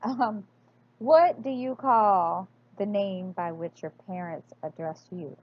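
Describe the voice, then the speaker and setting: Woman vlogger, slow and hesitant delivery, muffled home recording. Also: medium pitch. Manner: hesitant, many fillers and restarts. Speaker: crafting vlogger. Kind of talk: casual accent-tag chat.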